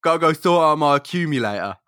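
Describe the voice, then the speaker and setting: Bright excitable man. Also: fairly high pitch, fast, clean tone, no echo, studio quality. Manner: excitable, laughing, joking. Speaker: podcast co-host. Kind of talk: casual comic chat.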